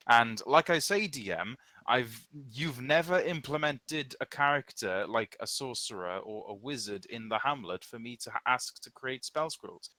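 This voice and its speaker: Bright-voiced man reading spell rules. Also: mid-range voice, moderate pace, few pauses, no echo. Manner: thinks aloud, reads spell rules, animated retellings. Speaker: player. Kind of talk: casual tabletop game chat.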